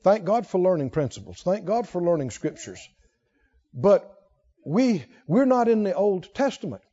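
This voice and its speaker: A man preaching a sermon, telling a personal story that swings between hushed asides and emphatic points. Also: high voice, big pitch swings, normal speed. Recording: dull lo-fi sound.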